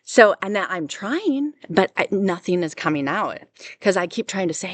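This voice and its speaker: A woman recounting a personal experience as an unscripted testimony, halting and full of restarts. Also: on the low side. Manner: halting, with many restarts and fillers. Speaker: survivor telling her story. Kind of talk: personal testimony, casual storytelling.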